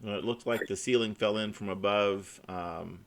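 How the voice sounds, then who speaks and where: A man's voice: lowish voice, fairly even intonation, moderate pace. A man with a Midwestern accent running an online tabletop game as game master, describing scenes with frequent restarts and fillers. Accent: Midwestern American.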